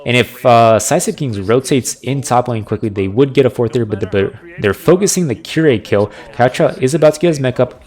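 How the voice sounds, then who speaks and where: A man casting a video game match with live play-by-play, analytical and getting excited on big plays. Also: medium pitch, a little fast, hardly any pauses. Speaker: esports caster.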